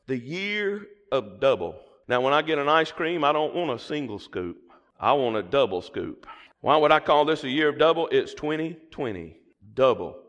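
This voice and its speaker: Southern preacher in a reverberant church. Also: male voice, fairly high pitch, animated, moderate pace, fairly bright tone, muffled recording. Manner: call-and-response preaching, prompting the congregation. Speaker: pastor. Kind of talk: sermon. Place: church sanctuary. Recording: long hall reverb.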